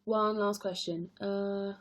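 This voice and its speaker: A woman's voice: medium pitch, flat delivery, slow pace. A young woman with an English accent, chatting on a live stream, reading out viewers' questions and laughing often. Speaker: stage performer live-streaming to fans. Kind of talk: casual live-stream chat answering comments.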